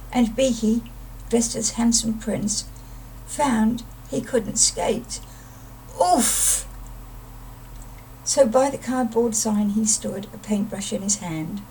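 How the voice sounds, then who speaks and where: A woman reading a rhyming children's story aloud in a lilting, expressive way. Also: fairly high pitch, far from the mic, slight background noise, rough recording.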